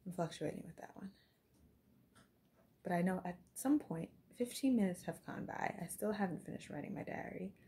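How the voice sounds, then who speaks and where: A woman's voice: on the low side, expressive, normal speed, mellow. A young adult woman talking candidly in a confessional diary vlog, reflective and often dropping to a whisper. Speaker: vlogger.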